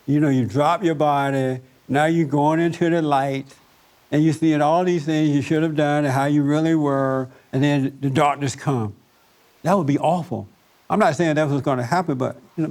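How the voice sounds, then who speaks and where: A man's voice: on the high side, darkish tone. Man preaching in a chatty, story-telling way. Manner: chatty and anecdotal, laughs at his own stories, talks directly to listeners. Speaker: pastor leading a Sunday service. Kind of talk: conversational sermon with storytelling.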